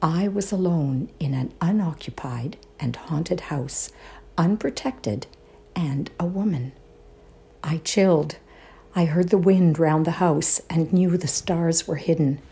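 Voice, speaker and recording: A woman performing a dramatic reading of a ghost story, hushed and suspenseful, often dropping to a whisper. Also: on the low side. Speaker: reader in a readers' theatre show.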